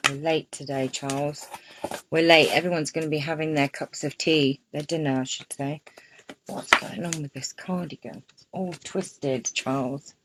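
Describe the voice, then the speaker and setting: A woman's voice: sits low, steady tone, moderate pace, noisy background. Chatty woman on a craft live stream. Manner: chatty, greets viewers by name, gushes over gifts. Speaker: crafting channel host. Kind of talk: casual live-stream chat.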